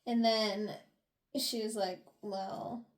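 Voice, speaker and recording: Woman podcast co-host, high bright voice, chatty, animated recap of a novel. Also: moderate pace. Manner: animated recapping, swears and laughs. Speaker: book review podcast co-host. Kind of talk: casual chat.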